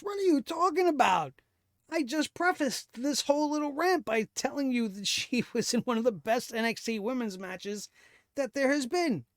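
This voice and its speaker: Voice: high-pitched, no echo, clean studio sound. A wrestling show reviewer ranting in a sarcastic, profane way about the latest episode. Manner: profane, sarcastic, heated rant.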